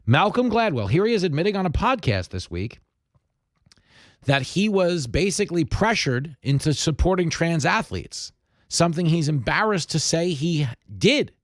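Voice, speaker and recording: Guy ranting on his podcast, very lively pitch, punchy, dead dry sound. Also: normal speed, dry recording. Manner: emphatic, animated storytelling. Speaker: podcast host. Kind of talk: opinion commentary.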